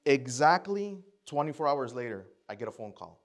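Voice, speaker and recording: A man's voice: medium pitch, sing-song, normal speed, hardly any pauses. Man telling a story from a church pulpit. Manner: conversational storytelling, acts out his own thoughts and other people's lines. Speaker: guest speaker at church. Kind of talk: personal testimony sermon. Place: church before a congregation.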